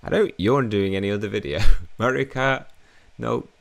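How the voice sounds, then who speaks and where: A man's voice: on the low side, normal speed, vocal fry, dry recording. A man in his thirties casually commenting on a game he is playing, with jokey, self-mocking asides. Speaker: gaming channel host.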